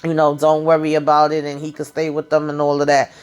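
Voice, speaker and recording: A woman talks through a TV episode in a loose, casual recap. Her voice sits a little low, and she tells it in a sassy, chatty way with plenty of asides and quoted lines. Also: monotone, fast, a little mellow, clean tone. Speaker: TV show recap vlogger.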